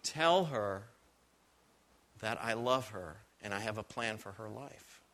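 A man doing a soft, hushed divine voice. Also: on the low side, expressive, slow pace, voice pushed down. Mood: tender. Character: gentle divine voice of the Holy Spirit.

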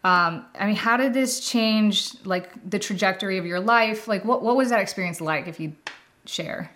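A woman's voice: medium pitch, normal speed, a bit bright. A woman hosting a podcast interview, introducing her guest and asking questions in an enthusiastic, casual way, with fillers like "like" and "I mean". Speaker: podcast host.

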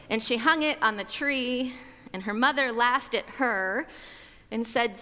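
A woman tells a personal story at an unhurried, measured pace, letting each line settle. Her voice is bright and a little high. A long hall reverb trails behind her words. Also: a little hiss or hum. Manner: slow, reflective, measured delivery. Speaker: speaker. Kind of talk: storytelling talk on gratitude.

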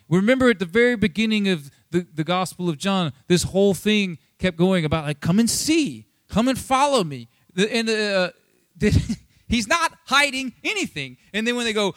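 A man preaching a sermon in a casual, conversational way, acting out quoted dialogue with animated inflection. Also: high-pitched, moderate pace, dry recording. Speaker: pastor.

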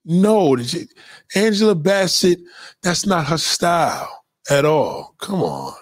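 Animated, profane man with a lively voice. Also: on the high side, a little slow, no room sound, clean studio sound. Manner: animated, profane, mocking commenters. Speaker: livestream host. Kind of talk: casual livestream rant.

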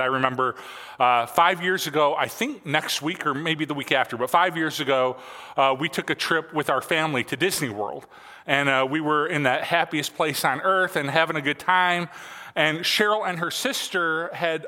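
A man's voice: on the high side, pushed and bright, long reverb tail. A man in his forties preaching a sermon in a church, telling stories casually with lots of fillers. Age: 40s. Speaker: pastor. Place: church sanctuary.

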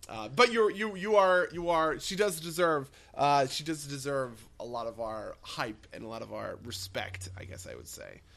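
Male podcast co-host, gravelly voice, lively hesitant delivery. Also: a little high, normal speed, few pauses. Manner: hesitant, self-correcting. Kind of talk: casual gaming podcast chat.

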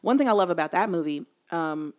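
A woman's voice: on the low side, animated, brisk, darkish tone. A woman in casual conversation, telling stories in an earnest, emphatic way.

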